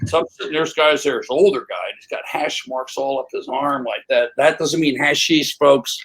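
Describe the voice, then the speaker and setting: An older man, an interview guest on a remote call, telling animated stories and acting out other people's voices. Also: mid-range voice, moderate pace, husky, poor audio. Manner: animated, acts out voices in anecdotes. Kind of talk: casual storytelling.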